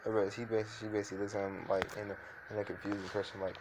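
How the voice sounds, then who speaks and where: A young man with a low voice improvises a fan story out loud. He rambles, fills gaps with fillers and keeps correcting himself. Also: level tone, racing, noisy background.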